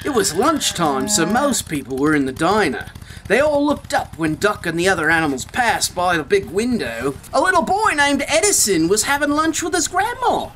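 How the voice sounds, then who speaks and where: A woman's voice: medium pitch, wildly swooping pitch, normal speed, fairly bright tone, a little hiss or hum. A woman reading a children's picture book aloud, playful, with jokey asides. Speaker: storyteller.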